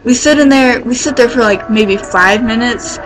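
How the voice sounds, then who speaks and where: A woman telling a story in a casual vlog, rambling and excitable, filling her pauses with "like" and swearing casually as she gets worked up. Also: a little high, rough recording. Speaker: vlogger.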